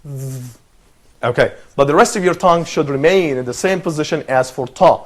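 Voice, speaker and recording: A man's voice: on the high side, moderate pace. A man presenting and teaching a lesson, patient and encouraging, who often repeats his phrases.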